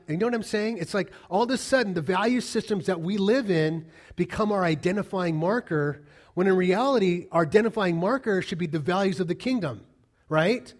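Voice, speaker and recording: A middle-aged pastor preaches a sermon in a high-pitched voice, speaking emphatically, repeating key lines and putting questions to the congregation.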